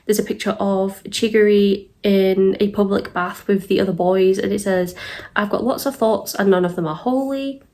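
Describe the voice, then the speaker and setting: A woman's voice: mid-range voice, steady tone, normal speed, mellow. A young woman from the UK giving a casual commentary vlog, chatty and exasperated, with many ums and nervous laughs. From United Kingdom. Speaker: YouTube commentator.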